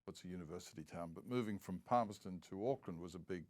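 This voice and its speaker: A man's voice: deep voice, fast talker, darkish tone. A man from New Zealand with an Australian accent, a guest in a casual interview who tells long, rambling stories. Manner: rambling anecdotal storytelling.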